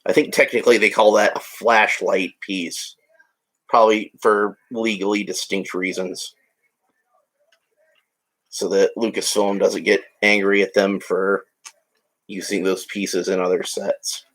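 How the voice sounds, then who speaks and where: A man's voice: deep voice, level tone, unhurried, fairly bright tone. A man narrating a toy build in a casual, rambling way with joking asides. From United States. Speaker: hobby vlogger.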